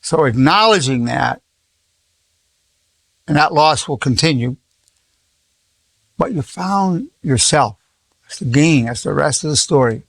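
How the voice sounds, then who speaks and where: In an informal, story-filled lesson, an eighty-something psychologist repeats himself, restarts, and acts out quoted dialogue. His fairly high voice is expressive and gravelly, unhurried, with long pauses and no echo.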